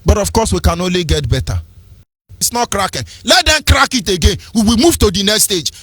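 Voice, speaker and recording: Impassioned Nigerian man, high bright voice. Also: big pitch swings, fairly quick, husky, no echo. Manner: impassioned, preachy, sing-song ranting. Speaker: radio host. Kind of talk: fiery political commentary.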